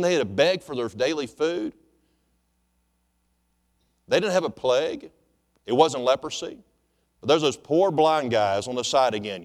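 A man preaching to his congregation, emphatic and insistent, repeating his points and firing off rhetorical questions. His voice sits a little high and moves through a wide, animated range. It rings out with the long reverb of a large hall. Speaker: pastor. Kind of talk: sermon.

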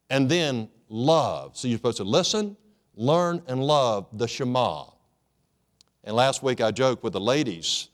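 A man preaching a sermon in a folksy, joking way, calling for amens. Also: mid-range voice. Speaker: pastor.

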